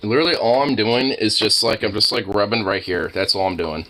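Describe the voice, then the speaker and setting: A man talking to his pet in casual, teasing baby talk, with a high, sing-song cooing manner. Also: brisk, bright, forceful tone. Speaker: pet owner vlogger.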